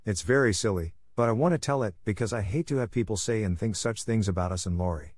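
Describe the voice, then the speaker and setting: A man's voice: on the low side, quick pace, darkish tone, no echo, close to an everyday voice. A bashful, self-reproachful young woman from a classic storybook , voiced by a man reading aloud. She speaks in a lifted, earnest tone, recorded close and dry. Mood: confiding. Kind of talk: audiobook character reading.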